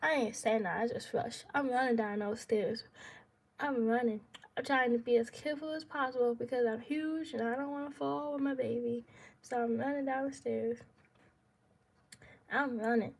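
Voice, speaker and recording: A woman's voice: high voice, fairly even intonation, moderate pace. A young woman vlogger telling a personal story in casual, slangy speech, dramatic and full of laughs.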